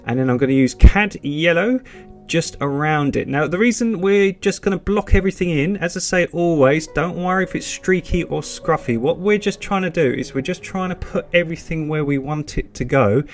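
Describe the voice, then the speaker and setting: A man with a British accent walks viewers through a painting lesson, his voice sitting a touch higher than most men's. He talks in a chatty, reassuring way and keeps repeating his encouragements. Soft music plays faintly behind him. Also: normal speed. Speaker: painting tutor. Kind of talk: step-by-step painting tutorial.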